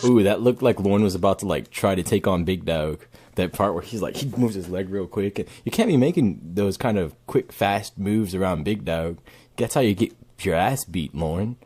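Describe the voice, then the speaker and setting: A man's voice: low-pitched, lively intonation, normal speed, a little mellow, husky. A man giving crude, swearing reaction commentary on a video and laughing at his own jokes.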